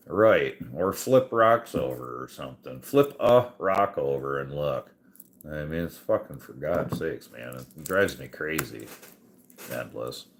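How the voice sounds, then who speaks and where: A man's voice: very deep voice, expressive, a little slow. A man telling a profane, exasperated story on a casual podcast, laughing often as he goes. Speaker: podcast host.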